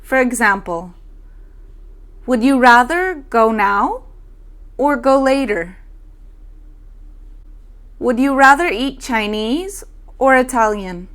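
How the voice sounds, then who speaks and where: Woman, young adult, English lesson host, slow deliberate delivery, raised pitch. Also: lively intonation, a bit bright. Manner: slow, careful demonstration of phrases. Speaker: English teacher. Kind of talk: language lesson.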